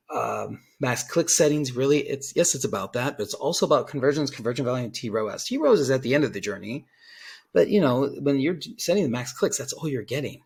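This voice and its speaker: A man's voice: medium pitch, breathy edge. A man who works as a digital ad consultant, explaining in a casual rambling way, often restarting and acting out what clients say. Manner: rambling, self-correcting, lively, quotes clients aloud. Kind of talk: casual talking-head explainer.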